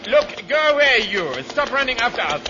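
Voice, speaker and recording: A man's voice: sits high, huge pitch swings, moderate pace. A man playing a bumbling general, sputtering mock-gibberish in 1950s-style radio comedy acting. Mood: flustered. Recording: hissy lo-fi old radio broadcast.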